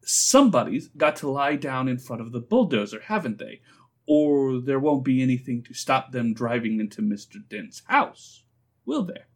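A man voicing a sly, smooth-talking young man who persuades patiently. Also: medium pitch, expressive, normal speed, lightly acted.

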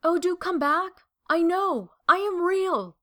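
A woman voicing a shy little toy rabbit who longs to be real, earnest and pleading in a raised, higher voice. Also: sing-song, normal speed, a bit bright. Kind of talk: storybook character voice.

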